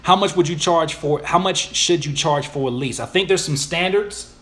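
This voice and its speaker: A man hosting a casual live Q&A, reading viewers' questions aloud and answering in an animated, slangy way. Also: fairly high pitch, moderate pace. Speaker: YouTuber and music producer answering viewer questions.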